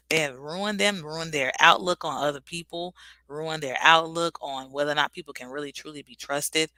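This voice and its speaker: A woman's voice: deep voice, bright, forceful tone, no echo. A woman vlogger giving a casual, earnest and reflective motivational talk.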